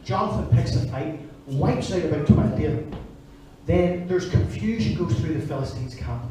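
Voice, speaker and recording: Animated preacher in echoey church. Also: male voice, fairly high pitch, normal speed, a little hiss or hum. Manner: animated storytelling, acting out voices. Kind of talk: sermon. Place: church service. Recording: echoey church hall from far off.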